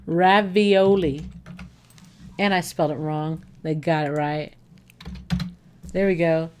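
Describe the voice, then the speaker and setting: A woman's voice: low-pitched, measured pace, slight background noise. A bubbly woman chats on a casual livestream. She gushes and exclaims to her viewers as she browses recipes. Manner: excitable, gushing, talks to viewers. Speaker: livestream host.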